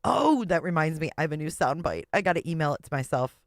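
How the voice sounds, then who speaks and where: A woman hosts a casual livestream, reacting with blunt sarcasm and free swearing. Her voice is lowish for a woman and sounds dry and close to the mic. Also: very animated, fast talker, no room sound. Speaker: livestream host.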